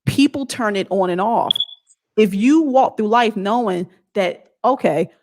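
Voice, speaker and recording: A woman's voice: medium pitch, unhurried, background noise. A woman vlogger giving a blunt, emphatic motivational talk in a casual way.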